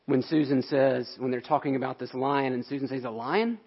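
A man's voice: mid-range voice, level tone, fairly quick, breathy edge, highs cut off. A man pastor delivering a sermon in an earnest, explanatory way.

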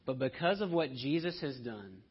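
A man preaching a sermon, swinging between hushed and loud delivery. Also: mid-range voice, animated, moderate pace, husky. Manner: dramatic shifts between soft and loud delivery. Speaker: pastor. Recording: dull lo-fi sound.

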